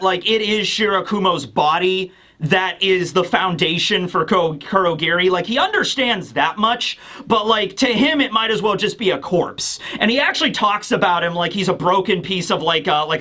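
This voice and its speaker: Male reviewer, high and bright, rambling casual recap. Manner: rambling, fillers, slips into character voices. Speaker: manga reviewer. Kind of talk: casual commentary.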